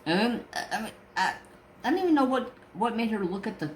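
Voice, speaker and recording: Male crafting-channel host, casual storyteller: animated, sing-song pitch, loose cussing, stumbles and repeats words. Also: fairly quick, reverberant, slight background noise. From Northern California. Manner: animated, swears freely, repeats and restarts words.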